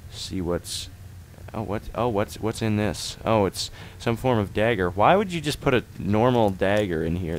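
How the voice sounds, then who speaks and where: A young man commentating his gameplay in a goofy, excitable way, swearing freely and chatting to viewers. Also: on the low side, a little hiss or hum. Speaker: let's play host.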